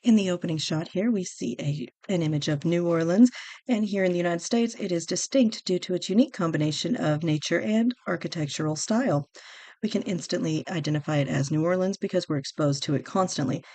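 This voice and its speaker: Low-voiced woman podcast host. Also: fairly quick, mellow, no room sound. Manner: earnest, reads on-screen text aloud. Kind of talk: casual scripted commentary.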